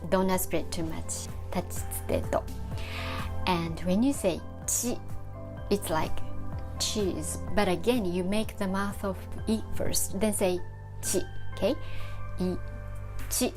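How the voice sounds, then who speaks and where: A woman teaching Japanese pronunciation, slowly repeating syllables and explaining mouth shapes. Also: mid-range voice. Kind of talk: slow instructional demonstration. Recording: with background music.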